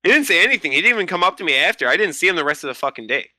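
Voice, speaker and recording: A man in his twenties, a podcast guest in casual chat, telling animated stories and swearing freely. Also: high-pitched, racing, no room sound.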